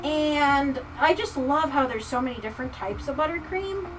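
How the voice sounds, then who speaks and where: A woman livestreamer chatting casually with viewers, ranting with profanity and swinging from muttering to near-shouting. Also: sits high, normal speed, far from the mic, poor audio. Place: home craft room. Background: soft lofi music.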